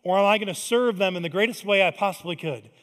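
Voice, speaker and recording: A man preaching a sermon in a large church, conversational, swinging between loud emphatic lines and hushed asides. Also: sits high, fast talker. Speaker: pastor. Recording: long hall reverb.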